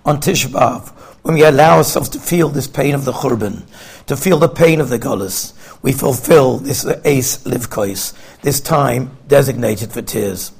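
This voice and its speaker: A man's voice: mid-range voice, a little slow, creaky, darkish tone, breathy edge. A man giving an earnest religious talk, explaining and translating Hebrew phrases as he goes. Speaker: rabbi giving a Torah talk. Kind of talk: sermon.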